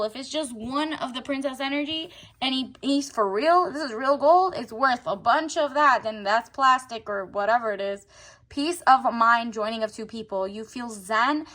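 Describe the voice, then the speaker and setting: High-voiced chatty woman reading tarot. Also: measured pace, fairly bright tone. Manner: chatty, slangy, acts out the viewer's inner voice. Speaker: tarot reader.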